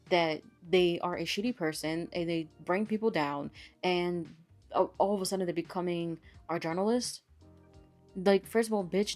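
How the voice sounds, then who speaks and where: A woman hosting a commentary channel rants in a fed-up tone, blunt and exasperated, swearing freely. Her voice is medium-pitched with a darkish tone.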